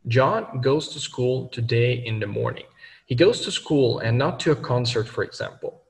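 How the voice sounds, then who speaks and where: A man's voice: mid-range voice, moderate pace, creaky. A man giving a video language lesson, explaining grammar rules step by step with example sentences. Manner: methodical, explains with worked examples. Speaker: language teacher. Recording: distant mic in a reverberant room.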